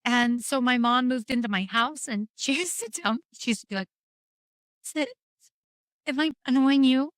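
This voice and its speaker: In a candid podcast conversation about grief, a middle-aged woman guest recounts her story frankly and wryly, rambling and quoting exchanges back and forth. Her voice is fairly high and fairly bright, at a moderate pace, with no room sound.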